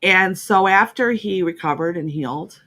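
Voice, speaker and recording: A woman's voice: fairly low pitch, moderate pace, pushed and bright. Emotional woman radio host. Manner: emotional, emphatic, repeats herself. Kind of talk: heartfelt motivational talk.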